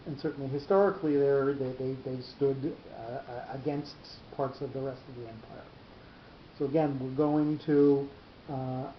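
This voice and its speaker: A man teaching a Bible class on cantillation marks, explaining each reading mark in a halting way and often repeating his words. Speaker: Torah teacher. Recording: roomy, dull lo-fi recording with faint rumble.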